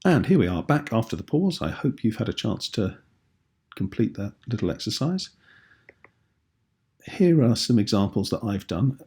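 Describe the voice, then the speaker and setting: A man with a British accent teaching a writing lesson in a patient, clear, explanatory way. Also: on the low side, big pitch swings, normal speed, pauses often, darkish tone. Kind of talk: tutorial video lesson.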